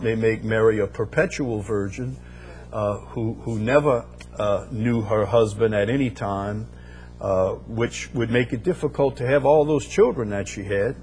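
A man's voice: medium pitch, a little mellow, a little hiss or hum. A man preaching a sermon, building emphasis through repeated phrases and rising bursts. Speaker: pastor.

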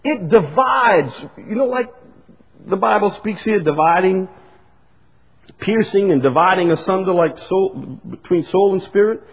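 A man's voice: high-pitched, a little slow, slightly rough. A male pastor, preaching a sermon with repeated, emphatic lines that rise in bursts. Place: church sanctuary. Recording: long hall reverb.

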